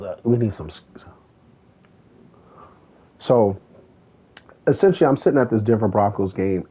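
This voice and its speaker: Man streamer, husky voice, rambling swearing storyteller, tinny phone-like audio. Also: fairly low pitch. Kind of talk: casual chat while streaming a racing game.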